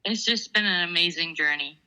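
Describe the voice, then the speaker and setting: A woman who researches and writes for a podcast, speaking sincerely and measured in casual chat. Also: lowish voice, sharp tone, smooth, rough recording.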